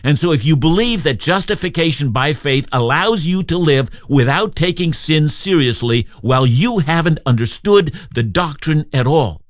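A man delivering a radio Bible sermon with earnest emphasis, his pitch rising and falling widely as he presses rhetorical questions. The sound is dry and close, with a slightly muffled, lo-fi edge. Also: expressive, moderate pace, few pauses, no room sound.

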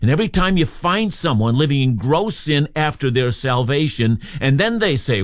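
Male radio preacher, animated pitch, dry close sound, emphatic sermon delivery. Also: moderate pace, few pauses, dry recording. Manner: emphatic, lively expository preaching. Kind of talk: sermon on a radio Bible program.

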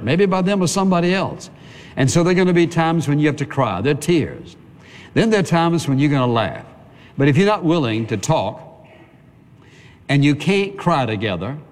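Man preaching a sermon in a reverberant hall. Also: fairly high pitch. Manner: conversational preaching, asks congregation for amen.

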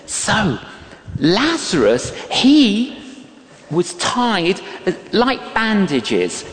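A man preaching in a big, reverberant hall, speaking slowly and deliberately with a pitch that leaps up and down. He tells stories animatedly and acts out the voices in them. He sounds a touch distant from the mic. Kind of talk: sermon with anecdotes. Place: church or large hall. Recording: echoey hall, a little distant.

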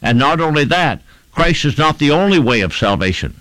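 A man's voice: a little high, very animated, moderate pace, fairly bright tone, no echo, poor audio. A man preaching a sermon, stressing his points and repeating phrases in rhythmic lists.

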